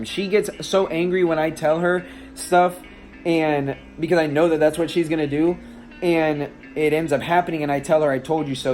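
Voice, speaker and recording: A man telling a personal story in a casual vlog, shaken and emotional, with many restarts and fillers. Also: fairly high pitch. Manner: rambling, with frequent restarts and fillers. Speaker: vlogger and stepdad.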